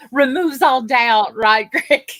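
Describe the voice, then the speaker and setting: Chatty Southern woman, higher voice. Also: fairly bright tone, dry recording. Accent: Southern American. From north Georgia, USA. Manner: chatty, laughs often. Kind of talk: casual chat.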